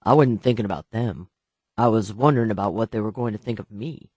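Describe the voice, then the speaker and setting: A man voicing a soft-spoken nervous man on the run, hesitant and uneasy, in an audiobook. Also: on the low side, brisk, husky, no echo, pitched below the performer's own voice.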